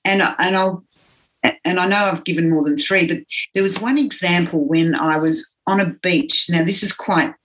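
An older Australian woman with an accent from home, reflecting on her teaching career in an earnest, halting way with many pauses. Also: on the low side, steady tone, fairly bright tone, poor audio. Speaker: interviewee, physiotherapy teacher. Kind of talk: reflective interview talk.

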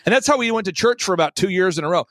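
A man hosting a talk show, telling stories with lots of energy, emphatic and swinging between loud exclamations and low mocking impressions. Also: lively intonation, rapid-fire, dry recording. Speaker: podcast host. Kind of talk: animated storytelling chat.

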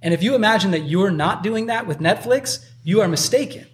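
A man's voice: sits high, expressive, fairly quick, slight background noise. A man preaching a sermon in a loose, conversational way, full of fillers. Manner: conversational, uses many filler likes. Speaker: pastor.

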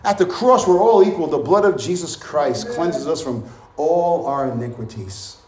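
A man's voice: fairly high pitch, animated, moderate pace, a little mellow, roomy sound, poor audio. A man preaching a sermon with bursts of exclamations and rhetorical questions.

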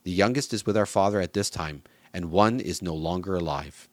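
A man's voice: sits low, fairly quick, dry recording, lightly acted. A man reading humble pleading brothers. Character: frightened group of humble male brothers.

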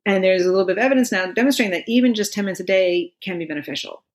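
A woman's voice: medium pitch, racing, slight background noise. A middle-aged woman explaining mindfulness in a casual conversation, laughing often and filling her talk with "you know". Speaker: meditation expert guest.

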